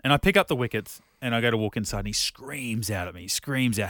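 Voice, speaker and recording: Fast-talking man, swearing storyteller. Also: medium pitch, expressive, pushed and bright, dry recording, clean studio sound. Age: 30s. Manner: rambling storyteller who swears freely. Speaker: podcast co-host. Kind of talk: casual chat.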